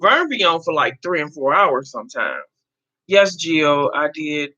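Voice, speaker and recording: A woman in her fifties hosts a casual livestream, chatting freely and answering viewer comments by name. Her voice swings widely in pitch and has a bright, forward edge. The stream audio comes through muffled and lo-fi. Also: sing-song, a little slow. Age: 50s. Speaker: livestream host. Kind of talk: casual live chat.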